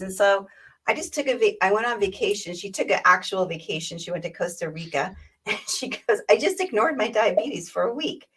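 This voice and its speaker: On a video-call webinar, a woman who teaches about diabetes chats casually and role-plays brief conversations with patients. Her voice is medium in pitch and fairly bright, and she sits far from the microphone.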